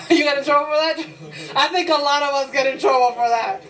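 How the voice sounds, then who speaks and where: A woman teacher giving a lively classroom lecture. She acts out her own inner voice in quotes, asks the class rhetorical questions and laughs easily. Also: sits high, normal speed, rough recording.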